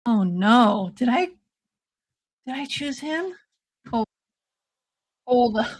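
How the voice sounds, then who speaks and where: A woman hosting a casual watch-along stream, excitable and swearing freely, calling everyone "dude" while taking shots. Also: on the high side, takes it slowly. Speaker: livestream host.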